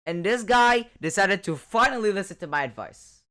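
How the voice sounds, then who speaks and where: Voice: medium pitch, lively intonation, moderate pace, bright, forceful tone. Rambling reaction-video host. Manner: rambling, filler-heavy, self-correcting. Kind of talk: casual commentary.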